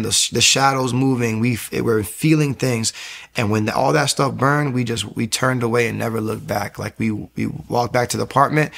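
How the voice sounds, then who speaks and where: A man giving an emotional personal testimony as an interview guest, telling his story quickly and acting out what people said. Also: mid-range voice, vocal fry. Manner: fast, animated storytelling, acting out quotes.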